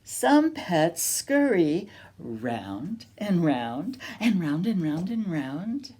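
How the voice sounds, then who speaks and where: A woman reading a picture book aloud at a children's storytime, slow and sing-song, inviting the children to join in. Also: on the low side, big pitch swings, warm tone, slight background noise.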